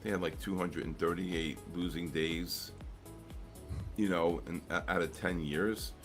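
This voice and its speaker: A middle-aged man with a very deep, low voice tells rambling stories between trades on a live stream, full of "um"s and restarts. Faint music plays underneath. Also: fairly even intonation, unhurried. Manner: rambling storyteller, many fillers and restarts. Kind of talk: casual chat.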